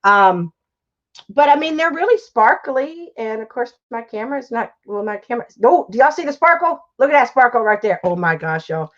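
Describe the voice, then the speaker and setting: A woman's voice: on the high side, big pitch swings, normal speed, fairly bright tone, dull audio. A woman chatting casually on a livestream, gushing about her crafts and reading the chat aloud. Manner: chatty, gushing, says y'all often, reads chat aloud. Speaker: YouTube crafter hosting a livestream.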